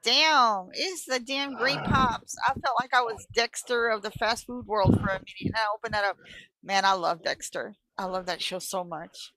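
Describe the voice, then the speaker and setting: A woman's voice: mid-range voice, fairly even intonation, fairly quick, a bit bright, poor audio. A woman co-hosting a casual live stream chat from home, telling stories and swearing freely. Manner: chatty storyteller, swears freely. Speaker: co-host. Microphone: live stream call.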